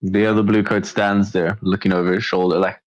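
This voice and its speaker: A man running a tabletop game as game master, relaxed and joking with quick asides. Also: on the low side, no echo. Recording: dull lo-fi stream audio.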